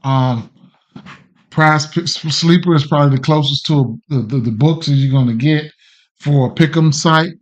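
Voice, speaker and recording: A man's voice: fairly high pitch, moderate pace. Laid-back guy rambling about his bets on a stream, slangy, greets chat by name, kinda muffled audio. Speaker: sports betting podcast host. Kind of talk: casual livestream chat.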